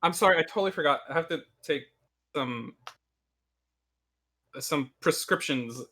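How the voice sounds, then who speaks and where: A man's voice: on the high side, measured pace, pushed and bright, a little hiss or hum. A man chatting eagerly with friends before a tabletop game over an online call. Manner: enthusiastic, eager. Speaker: player. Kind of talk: casual chat.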